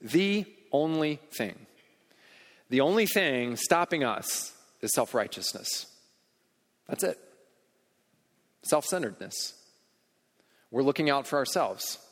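A man's voice: mid-range voice, sing-song, a little slow, pauses often, a bit bright. A man preaching a sermon as pastor, earnest and emphatic, often repeating words as he goes. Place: church hall. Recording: long reverb in a large hall.

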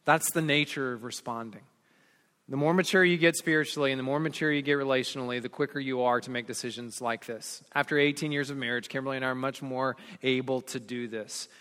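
A pastor in his forties preaching a sermon, telling stories with rising energy and dropping to soft, earnest tones. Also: medium pitch, steady tone, fast. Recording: long hall reverb.

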